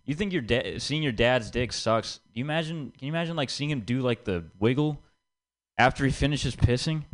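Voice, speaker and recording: A man's voice: medium pitch, lively intonation, a little fast. A young man doing an open-mic stand-up set in a small room, rambling and self-deprecating, full of fillers and "dude". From Indian heritage, grew up abroad. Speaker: stand-up comedian. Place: small comedy room, live.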